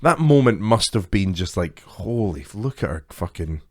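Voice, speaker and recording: A young man co-hosts a casual comedy podcast. His voice is lowish but moves up and down a lot. He reacts fast and swears easily as he banters with his friend. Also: big pitch swings. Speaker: podcast co-host.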